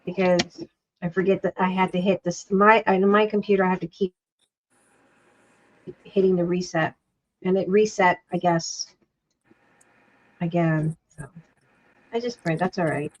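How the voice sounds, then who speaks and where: A woman's voice: fairly low pitch, fairly even intonation, a little slow, long pauses, low-quality recording. A woman hosting a casual craft livestream, chatting and rambling as she works, often breaking off mid-sentence. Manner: chatty, rambling, self-interrupting.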